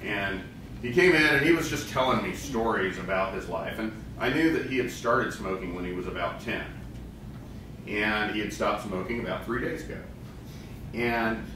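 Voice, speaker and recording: A man telling a client story in a training session, animated and acting out the quoted voices. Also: on the low side. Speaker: therapist trainer. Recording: echoey room, distant mic, faint noise.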